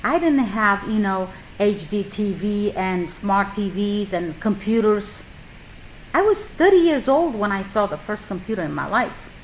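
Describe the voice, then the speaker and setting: Animated middle-aged immigrant woman, emphatic. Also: medium pitch, a little slow, a little hiss or hum, low-quality recording. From a communist country. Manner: animated, emphatic, slightly non-native grammar. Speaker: esthetician and skincare business owner. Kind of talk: casual storytelling advice.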